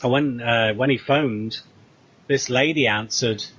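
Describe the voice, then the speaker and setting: A man's voice: medium pitch, measured pace, highs cut off. A British man casually retelling a story, acting out the dialogue as he goes. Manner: animated retelling with quoted dialogue. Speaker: co-host.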